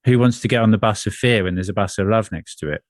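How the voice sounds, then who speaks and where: A man speaking as an energy coach in a spiritual conversation, earnest and measured, often repeating phrases. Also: on the low side, dry recording, studio quality.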